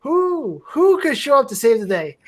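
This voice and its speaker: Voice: high voice, very animated, moderate pace. Enthusiastic rambling podcast host. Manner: enthusiastic, rambling with restarts and laughs. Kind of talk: casual fan review chat.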